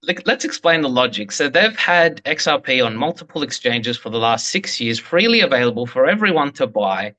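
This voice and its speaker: A man's voice: medium pitch, very animated, normal speed, hardly any pauses, sharp tone. A man in casual podcast chat, talking in an indignant and emphatic way.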